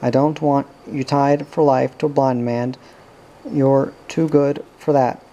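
A man's voice: medium pitch, little pitch movement, measured pace, warm tone, lo-fi sound, lightly acted. A man reading the part of a bitter, proud young man who was blinded and who pushes his sweetheart away. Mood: tender. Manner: bitter, resigned. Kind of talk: audiobook character reading.

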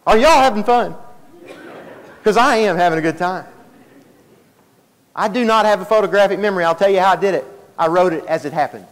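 A man telling his story in a folksy, animated sermon, acting out the dialogue. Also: high voice, quick pace, pauses often. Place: church hall. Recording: live church stream with long hall reverb.

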